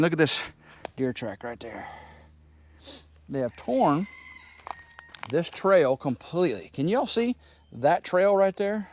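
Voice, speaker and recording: Man, homestead vlogger, folksy walk-and-talk outdoors, handheld camera; a bit high, very animated. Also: no room sound. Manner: rambling, folksy, teases his rooster. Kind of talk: casual walk-and-talk tour. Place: outdoors on a wooded homestead, walking.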